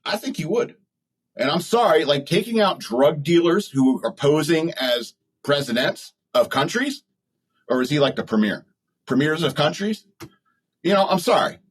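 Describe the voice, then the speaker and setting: A man's voice: on the high side, animated, normal speed, slightly rough, poor audio. A man hosting a podcast, talking in a blunt, rambling, opinionated way and laughing at his own jokes. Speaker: podcast host. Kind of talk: opinionated solo talk.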